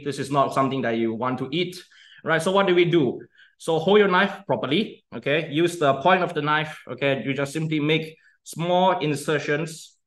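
A man's voice: a little high, a bit bright. Chatty young man teaching knife skills. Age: young adult. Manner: chatty, repeats "okay?" often. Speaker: student cooking demonstrator. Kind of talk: casual cooking demonstration.

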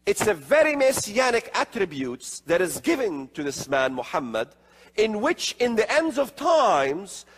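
A man's voice: high-pitched, big pitch swings, unhurried, fairly bright tone, slight background noise. A man giving an emphatic religious lecture, firing rhetorical questions with sarcastic asides. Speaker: religious speaker. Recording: long hall reverb.

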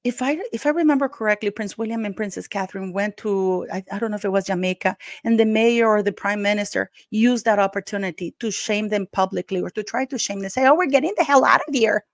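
A woman's voice: mid-range voice, fast, hardly any pauses, a little mellow, no room sound, clean studio sound. Indignant woman venting to her viewers. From Canada. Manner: emphatic, indignant, addresses viewers as guys. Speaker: YouTube channel host. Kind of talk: heated commentary vlog.

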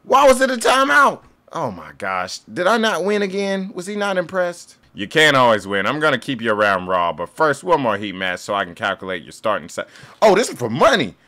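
A young man commentating his own wrestling video game play, with loud, excitable yelling and jokey trash talk. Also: medium pitch, brisk. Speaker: gaming YouTuber.

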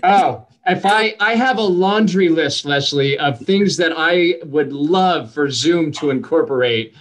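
A middle-aged man hosts a comedy show over a video call, reading out comments in a chatty, rambling way. His voice sits slightly high and his asides are wry and self-deprecating. A faint hiss sits under the call audio. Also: a little slow, a bit bright. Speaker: show host. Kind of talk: casual hosting banter.

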